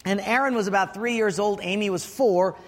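High-voiced male pastor preaching in a hall. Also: brisk. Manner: animated storytelling with humor. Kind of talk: sermon.

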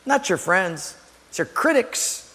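High-voiced animated pastor preaching. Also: male voice, a little slow, long reverb tail. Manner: animated, acts out little voices and exclamations. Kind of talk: sermon. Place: church sanctuary.

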